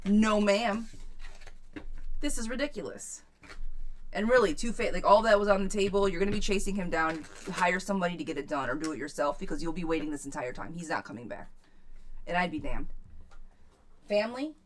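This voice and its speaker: A woman with a somewhat low voice hosts a live tarot reading and reads out questions from her chat. Her answers are blunt and outspoken, with plenty of casual swearing. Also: fast. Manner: reads viewer questions aloud, then answers them. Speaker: tarot reader.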